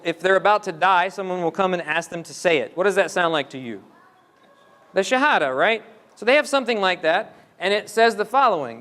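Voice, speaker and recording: High-voiced man lecturing in an echoing hall. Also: a bit bright. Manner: explanatory, asks the audience questions. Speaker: Islamic lecturer. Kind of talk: religious lecture. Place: mosque hall. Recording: long hall reverb.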